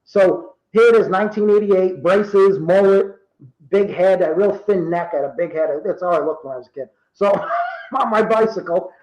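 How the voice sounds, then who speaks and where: A man in his fifties from Rhode Island, telling true stories in casual talk and acting out the quoted dialogue with lively energy. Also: sits high, normal speed, reverberant, lo-fi sound. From Rhode Island, USA. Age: 50s. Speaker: guest. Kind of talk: casual storytelling.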